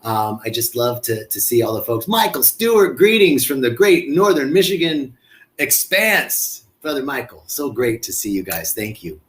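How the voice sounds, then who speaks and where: An effusive man talks casually as the host of a live stream. His voice sits at a medium pitch, and he often stumbles and repeats words as he greets viewers by name. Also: big pitch swings, normal speed.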